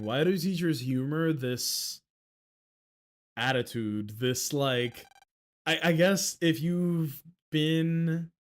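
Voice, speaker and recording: A man in his thirties hosting a casual livestream, rambling and mocking himself with frequent laughs. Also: mid-range voice. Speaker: livestream host.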